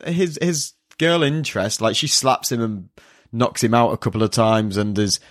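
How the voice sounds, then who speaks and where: A podcast co-host chats casually with a medium-pitched voice at a moderate pace, rambling with many fillers and restarts. The recording is dry and of studio quality.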